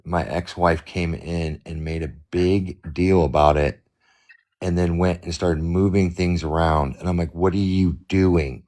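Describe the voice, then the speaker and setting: Deep-voiced man telling animated stories. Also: unhurried. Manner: animated storyteller acting out arguments. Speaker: livestream host. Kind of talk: casual storytelling chat.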